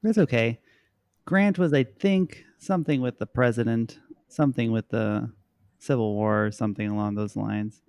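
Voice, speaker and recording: A man's voice: mid-range voice, normal speed, a little mellow, clean tone, no room sound. A man playing a podcast trivia game, thinking aloud and trailing off as he guesses. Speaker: regular contestant. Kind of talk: casual chat.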